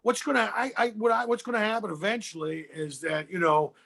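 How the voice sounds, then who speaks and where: A man's voice: high-pitched, fairly quick, creaky, a bit bright. A middle-aged man from Philadelphia, a comedian, rambling through profane rants in a podcast conversation. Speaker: comedian guest.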